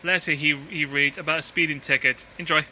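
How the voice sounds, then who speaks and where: A man hosting a show, introducing a clip in a brisk, upbeat way. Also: on the high side, fairly even intonation, heavy background noise.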